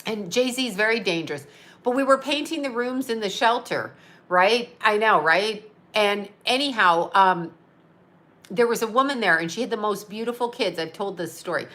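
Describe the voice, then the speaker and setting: Reading viewer comments on her live stream, this psychic medium, a woman in her fifties, chats casually and rants in a blunt, profane way. Her medium-pitched voice is a bit bright and moderately paced.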